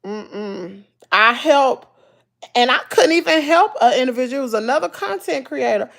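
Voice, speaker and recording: Southern lady chatting to her livestream, kinda high voice with some gravel in it, folksy and preachy, repeats herself a lot. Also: expressive, moderate pace, fairly bright tone. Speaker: YouTuber talking to live chat. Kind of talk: casual livestream chat.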